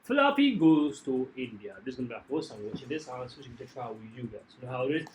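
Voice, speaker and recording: A man hosting a reaction video, chatty and excitable in casual talk. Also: medium pitch, fast, a little hiss or hum, poor audio. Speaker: reaction channel host.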